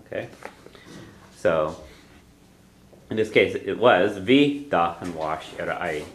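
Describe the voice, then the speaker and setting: A man's voice: deep voice, slow. A man teaching a classroom language lesson, patiently repeating phrases and quizzing his students. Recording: echoey room, faint background noise.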